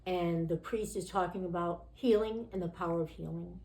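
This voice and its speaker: A woman's voice: on the low side, steady tone, moderate pace, dark tone. Candid rambling woman in a roomy space. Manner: candid, rambling, full of "you know" and "like", acts out quoted voices. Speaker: podcast guest telling her recovery story. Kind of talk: casual interview storytelling. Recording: roomy echo.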